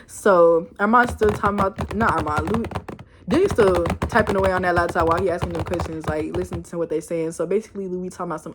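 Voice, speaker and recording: A woman casually recapping a TV episode in an animated, slangy, rambling way. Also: fairly low pitch, fast talker, a little hiss or hum. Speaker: show reviewer.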